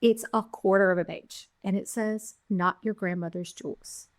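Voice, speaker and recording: A middle-aged woman, a podcast guest, telling her founding story with lively quoted voices. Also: mid-range voice, moderate pace, no echo, studio quality. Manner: animated storyteller, acting out quotes. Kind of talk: storytelling interview.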